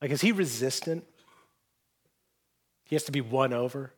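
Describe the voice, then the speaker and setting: A man preaching a sermon in a conversational, self-deprecating way, acting out quoted lines in hushed voices. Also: mid-range voice, moderate pace, breathy edge. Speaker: pastor. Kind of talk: sermon with personal stories.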